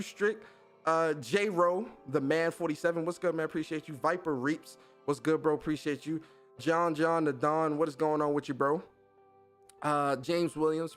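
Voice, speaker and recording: A man hosting a casual live stream, giving rapid slangy shout-outs to his chat. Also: fairly high pitch. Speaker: podcast and stream host.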